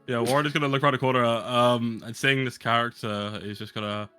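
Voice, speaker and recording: A man's voice: mid-range voice, fairly even intonation, quick pace, bright, forceful tone, clear, resonant tone, faint music behind. A man playing in a tabletop game, chatting casually with hesitant fillers. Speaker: player.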